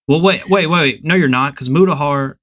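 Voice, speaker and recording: A man's voice: a little high, fairly quick, a bit bright. A man hosting a podcast, chatting casually in a rambling, hesitant way. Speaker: podcast host.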